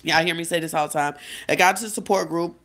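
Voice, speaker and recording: A woman's voice: on the low side, fast talker, a bit bright. Woman, late twenties, casual confessional vlog, chatty, direct to viewers, self-correcting. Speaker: life coach vlogger.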